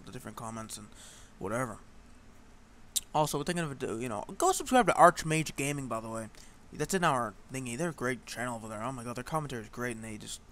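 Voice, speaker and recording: A man's voice: mid-range voice, fairly bright tone. A man hosting a game play-through, chatting in a rambling way with many fillers. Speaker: gaming channel host. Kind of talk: let's play commentary.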